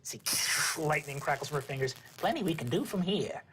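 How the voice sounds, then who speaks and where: A woman's voice: sits low, lively intonation, fairly quick, a little hiss or hum, poor audio. A man voicing a blunt, wry old grandmother witch. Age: older.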